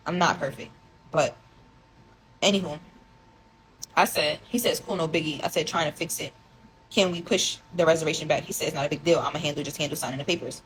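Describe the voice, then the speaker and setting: A woman's voice: sits low, rough recording. A young woman telling a confessional story, rambling and emotional as she reads out old text messages. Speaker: vlogger telling her story. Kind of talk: casual storytime monologue.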